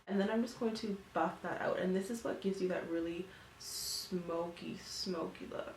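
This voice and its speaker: A woman's voice: lowish voice, moderate pace, a little mellow, reverberant, slight background noise. A woman in her twenties, a beauty vlogger, chatting casually through a makeup tutorial with lots of fillers. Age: 20s. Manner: chatty, filler-heavy, upbeat.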